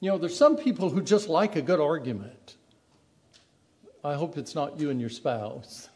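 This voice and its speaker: A man delivers a sermon in an easy, conversational manner, slipping into the voices of people he quotes. His voice sits a little high for a man, with a mellow, soft-edged tone. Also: lively intonation, normal speed. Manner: conversational, acts out quoted speech. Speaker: preacher.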